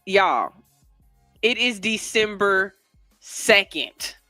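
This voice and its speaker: A woman's voice: mid-range voice, lively intonation, drawn-out words, bright, forceful tone, no echo, soft background music. A woman hosting a morning radio show, rambling loosely, cursing casually and laughing at herself, on a studio microphone.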